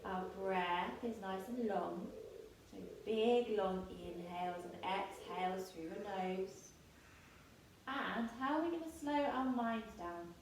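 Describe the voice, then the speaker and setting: A woman in her thirties teaching yoga to children, giving gentle, playful, encouraging instructions. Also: medium pitch, slow pace. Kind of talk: guiding a kids' yoga class. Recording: echoey room, distant mic, faint noise.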